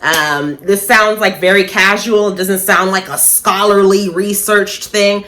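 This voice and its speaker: A woman talking casually and bluntly to camera, swearing freely, laughing at her own points and slowing down for emphasis. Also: medium pitch, steady tone, pushed and bright. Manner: slows down for emphasis. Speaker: spiritual vlogger. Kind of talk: casual opinion monologue.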